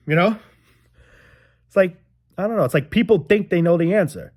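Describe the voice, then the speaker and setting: A man's voice: on the high side, lively intonation, normal speed, pauses often, slightly rough. A young man ranting casually to his viewers, frustrated and rambling, swearing often and repeating himself. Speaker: vlogger. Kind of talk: casual rant to camera.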